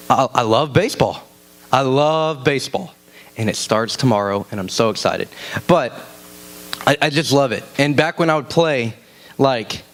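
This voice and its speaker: A young man preaching a casual youth sermon, telling stories and acting out shouted quotes in a high voice. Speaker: youth pastor. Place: church youth room.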